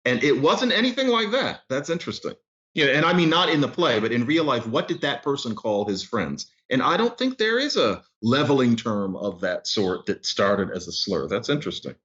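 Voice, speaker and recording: Animated male guest on dull lo-fi audio. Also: mid-range voice, normal speed. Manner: animated storytelling explainer. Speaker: guest author and linguist. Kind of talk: explanatory interview talk.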